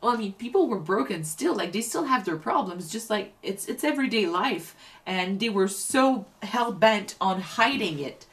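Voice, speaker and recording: A woman's voice: mid-range voice, lively intonation, normal speed, few pauses. A woman co-hosting a reaction chat, talking through a show thoughtfully and often restarting her sentences. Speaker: reaction channel co-host.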